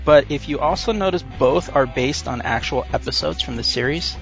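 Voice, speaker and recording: A man's voice: mid-range voice, moderate pace, gravelly. A man co-hosting a casual podcast chat, rambling with many fillers and restarts. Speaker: podcast co-host. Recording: dull lo-fi audio with faint music.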